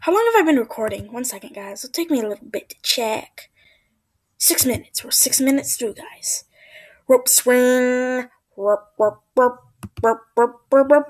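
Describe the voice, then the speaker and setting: A woman giving excitable let's play commentary, yelping at mishaps and dropping into whispered asides. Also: high voice. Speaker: gameplay commentator.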